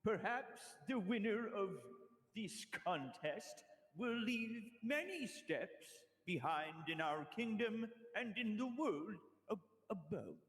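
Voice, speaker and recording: A man voicing a tall, calm male arena master who poses riddles, speaking in a slow, measured, theatrical way with long pauses. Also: sits high, pitched above the performer's own voice, heavily acted. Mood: solemn. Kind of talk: tabletop role-play voice. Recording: roomy echo with long reverb.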